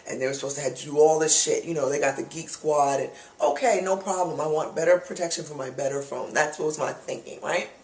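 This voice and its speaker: A man telling a customer-service complaint story to camera as a vlogger, animated, exasperated and blunt with casual profanity. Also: fairly high pitch, fast talker, few pauses, roomy sound, a little hiss or hum.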